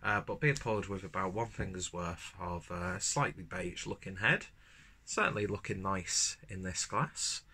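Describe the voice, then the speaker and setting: A man's voice: deep voice, measured pace, bright, forceful tone, husky. A man reviewing a beer to camera at home, chatting casually with rambling asides and the odd swear word. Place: at home, indoors. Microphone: camera mic.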